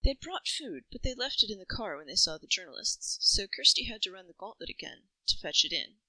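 Woman storyteller, bright and dry, reflective first-person reading. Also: mid-range voice, sing-song, brisk, dry recording, low-quality recording. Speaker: narrator.

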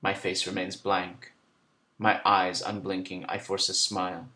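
Male narrator, somewhat low voice, measured introspective literary reading. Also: monotone, bright, forceful tone. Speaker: storyteller. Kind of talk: literary first-person narration.

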